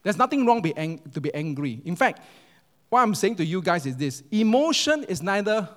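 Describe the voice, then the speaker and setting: A man's voice: high voice, sing-song, moderate pace. A man preaching a sermon, telling stories with humor and asking the congregation questions. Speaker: pastor. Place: church hall. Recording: echoey hall.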